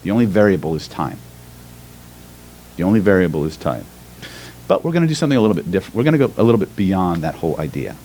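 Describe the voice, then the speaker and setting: A man teaching a live workshop on inner voices, then leading the room through a slow guided hypnosis. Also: low-pitched, slight background noise, poor audio. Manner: animated and joking with the audience, shifting into slow soothing guided trance. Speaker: hypnosis and NLP trainer. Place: seminar room with a live audience.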